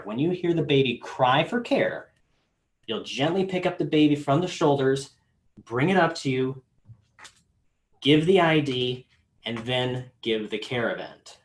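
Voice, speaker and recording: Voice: mid-range voice, lively intonation, measured pace. This is a product support trainer leading a hands-on demonstration, explaining each step in order. The delivery is plain and instructional, with casual filler words here and there.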